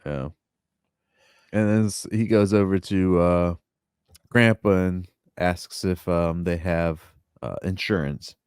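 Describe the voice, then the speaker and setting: A man co-hosting a podcast in casual chat, mostly giving short, relaxed replies and adding details to the recap. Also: sits low, takes it slowly, clear, resonant tone, dry recording, clean studio sound. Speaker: podcast co-host.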